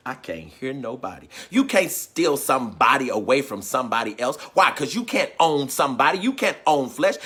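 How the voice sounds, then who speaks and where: A fiery man preaching with a husky, breathy edge to his voice. His pitch swoops widely as he pounds out refrains and calls for answers. He sits a bit high for a man and his tone is sharp and forceful. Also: big pitch swings, fairly quick, few pauses. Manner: call-and-response, repeated refrains, swings into shouting. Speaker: teacher and preacher. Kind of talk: impassioned sermon.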